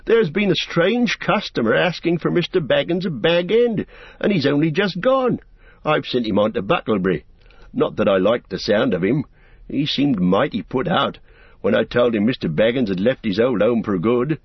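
A man's voice: mid-range voice, animated, normal speed, breathy edge, no echo, pitched above the performer's own voice. A man voicing an old male hobbit gardener who talks in a folksy, rustic way. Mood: uneasy. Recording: dull, dry lo-fi recording.

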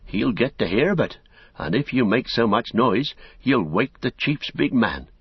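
A man's voice: medium pitch, expressive, unhurried, slightly rough, dry recording, dull audio, voice pushed up, full character voice. A man voicing a nervous hobbit villager. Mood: worried. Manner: worried, warning tone.

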